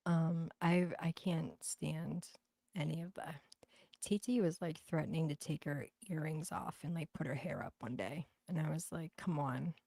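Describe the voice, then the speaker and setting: Low gravelly Boston-accented woman. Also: moderate pace, mellow, dry recording, clean studio sound. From New Bedford, Massachusetts. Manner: blunt, profane, chatty, gossipy. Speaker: livestream host. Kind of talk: casual livestream chat reading viewer comments.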